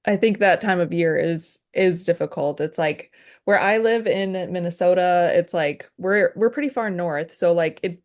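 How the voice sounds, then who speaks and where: Woman host, laid-back chat on a video-call podcast, slightly low voice, lots of fillers. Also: normal speed. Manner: easygoing, many fillers, trailing off. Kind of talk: casual podcast conversation.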